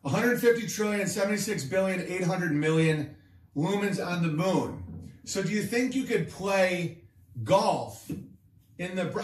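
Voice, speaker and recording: A man's voice: sits high, animated, measured pace, echoey room, distant mic. A man hosting a comedy show, riffing in a sarcastic, crude, rambling way. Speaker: comedian host.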